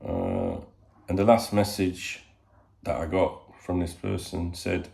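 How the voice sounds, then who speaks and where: Guy rambling to camera, swears a lot, pitch all over the place, echoey room. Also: very animated, slow pace, vocal fry, a little mellow. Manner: rambling, swears freely, frequent "you know". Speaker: channel host. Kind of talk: casual chat to camera. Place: home in Spain.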